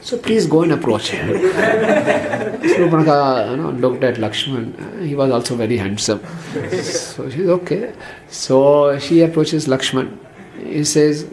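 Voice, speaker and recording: A man giving a devotional storytelling lecture in a relaxed, conversational way, peppered with "you know" and chuckles. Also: mid-range voice, unhurried. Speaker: spiritual teacher. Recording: roomy echo, faint background noise.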